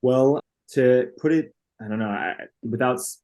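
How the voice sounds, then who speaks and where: A man's voice: mid-range voice, unhurried, a little mellow. A young man in his twenties from Dallas, a podcast guest who answers casually and a bit hesitantly, repeating words as he starts. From Dallas, Texas. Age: 20s.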